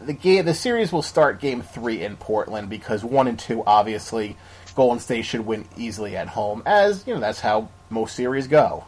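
A man's voice: mid-range voice, lively intonation, moderate pace, darkish tone, husky. A man co-hosting a podcast, chatting casually and opinionated about basketball, rambling with frequent restarts. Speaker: podcast co-host. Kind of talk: casual sports chat.

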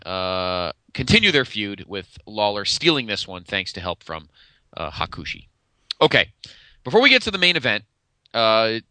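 A man's voice: on the low side, dry recording. A man co-hosting a podcast, chatting casually and loosely about old wrestling matches with lots of fillers and restarts. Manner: animated, meandering, many fillers. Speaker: podcast co-host. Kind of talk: casual chat reviewing old wrestling shows.

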